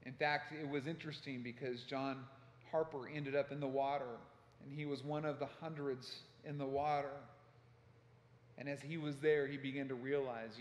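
A man preaching a sermon as pastor, telling a story with passion and acting out shouted quotes. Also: mid-range voice, steady tone, normal speed. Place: church sanctuary. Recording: echoey church hall.

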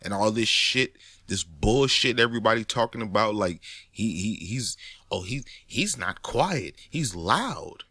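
A man talking in a casual monologue, animated and profane, often rising to near-shouts. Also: lowish voice, unhurried, slightly rough, dry recording, clean studio sound. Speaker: commentator.

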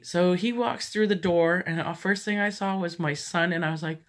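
A woman's voice: medium pitch, normal speed, hardly any pauses. A woman chatting casually through a thrift haul, rambling into stories and laughing often. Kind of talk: casual haul vlog chat.

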